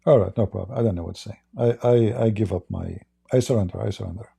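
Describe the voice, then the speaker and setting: Arab-accented male debater, gravelly and husky, sarcastic, repeats himself, stumbles into restarts. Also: lowish voice, fast, mellow. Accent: Arabic. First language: Arabic. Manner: sarcastic, repetitive, stammering restarts. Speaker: online religious debater. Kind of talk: addressing viewers in a stream.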